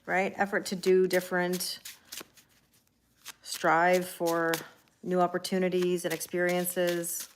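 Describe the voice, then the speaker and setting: A woman's voice: fairly low pitch, monotone, slow, pauses often, a little hiss or hum. A woman hosting a casual live tarot reading, chatting and laughing with viewers and reading their comments aloud in a reassuring tone. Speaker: tarot reader hosting a livestream.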